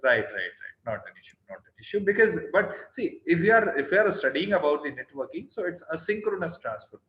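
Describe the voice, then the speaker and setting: A man's voice: fairly high pitch, very animated, brisk. A man with an Indian English accent teaching an online class, quizzing students by name and often asking "right?". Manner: stern, scolds students on tone. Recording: roomy, dull online call audio.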